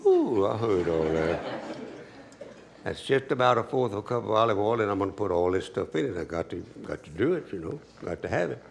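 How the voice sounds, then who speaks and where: A man's voice: low voice, vocal fry, slight background noise. A man giving a cooking demonstration as a home cook, folksy and chatty, talking straight to the viewer.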